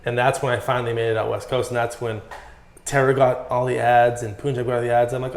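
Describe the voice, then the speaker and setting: A man's voice: mid-range voice, fast. Profane New man telling stories. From Massachusetts. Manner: profane, animated storytelling with many "like"s. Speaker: guest, former pro BMX rider. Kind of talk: casual podcast storytelling. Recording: echoey room.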